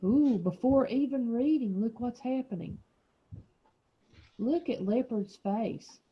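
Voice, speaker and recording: Husky-voiced woman teaching children to read. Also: on the high side, slow pace, dull audio. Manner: patient, explaining and encouraging. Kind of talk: reading lesson for young children.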